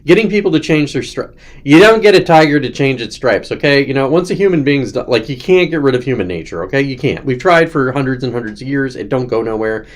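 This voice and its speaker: A young man rambling through a casual livestream show, talking straight to his viewers. He drifts between loose asides and sarcastic, mocking takes, and his voice sits at a middle pitch for a man. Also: expressive, fast. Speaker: host.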